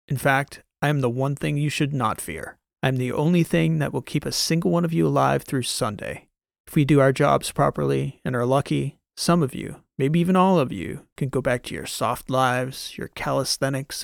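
A man's voice: medium pitch, fairly even intonation, normal speed, creaky, dry recording, clean studio sound, close to an everyday voice. A man voicing a brusque, sardonic male special-ops commander in an audiobook, blunt and mocking as he barks orders. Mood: stern. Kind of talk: audiobook character voice.

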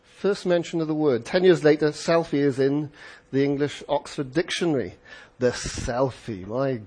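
A man reading a Bible passage aloud and then preaching on it, emphatic and expressive, with rhetorical questions. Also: on the high side, normal speed. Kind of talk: scripture reading and sermon.

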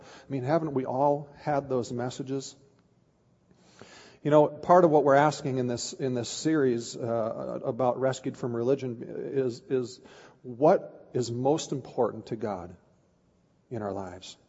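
Pastor preaching in a reverberant hall. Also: male voice, medium pitch, warm tone, breathy edge. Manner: candid storytelling with frequent restarts. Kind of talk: sermon. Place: church sanctuary. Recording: dull sound with long hall reverb.

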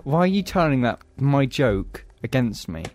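A young man co-hosting a casual podcast, quick to protest and defend himself in banter with friends. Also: mid-range voice, very animated, darkish tone. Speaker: podcast co-host.

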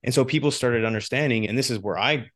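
A man's voice: mid-range voice, fast talker. A man from Canada, a podcast guest, telling stories in casual conversation and restarting his sentences often. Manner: animated storytelling with frequent restarts.

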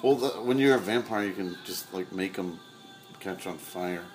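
A man's voice: deep voice, moderate pace, a little mellow, soft background music. A man co-hosting a casual movie commentary, joking and laughing often. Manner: laughs often, jokey asides. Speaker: co-host of a movie commentary show. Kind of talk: casual movie riffing chat.

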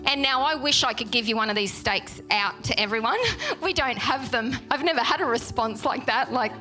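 A woman's voice: fairly high pitch, normal speed, faint music behind. A woman preaching a sermon to her church, chatty and emphatic, repeating key words. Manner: animated, chatty, with laughs and emphatic repetition. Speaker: pastor. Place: church hall.

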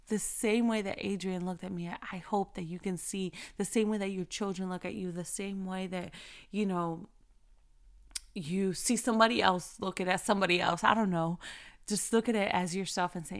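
A woman in her thirties, a mother telling an earnest, animated story about embracing moments with her kids and giving thanks. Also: medium pitch, normal speed. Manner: animated, earnest, repeats phrases for emphasis. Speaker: mother sharing faith reflections. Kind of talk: casual inspirational storytelling.

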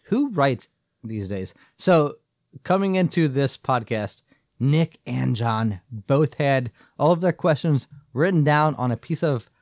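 A man co-hosting a laid-back podcast, mid-pitched and rambling, with plenty of "like" and "uh" as he talks. The sound is dry and close. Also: lively intonation, darkish tone, dry recording. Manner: rambling, halting, fillers. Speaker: podcast co-host. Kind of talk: casual chat.

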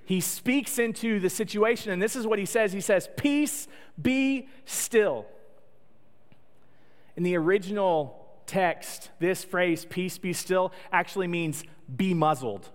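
Guy preaching, pretty high voice, chatty and jokey, big echoey hall. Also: normal speed. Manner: conversational, joking storytelling preacher. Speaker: pastor. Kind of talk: sermon. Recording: long echo of a large hall.

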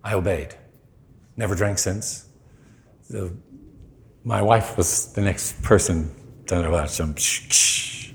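A man preaching, telling a personal story with lively acted-out quotes. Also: low-pitched, slow pace, pauses often, noisy background. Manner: animated storyteller, acts out quoted lines. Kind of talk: sermon storytelling.

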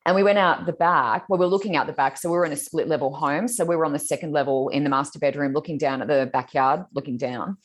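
A woman telling a spooky personal story in casual chat, animated and laughing as she goes. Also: deep voice, fast talker, hardly any pauses, breathy edge. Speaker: guest, spiritual teacher.

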